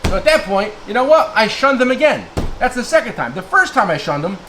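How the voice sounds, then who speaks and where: Heated tool guy from jersey ranting, high voice that swings all over, lots of "okay?". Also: big pitch swings, brisk, fairly bright tone, slight background noise, poor audio. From New Jersey. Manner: angry, blunt, name-calling, lots of "okay?". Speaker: tool dealer vlogger. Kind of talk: heated rant to camera.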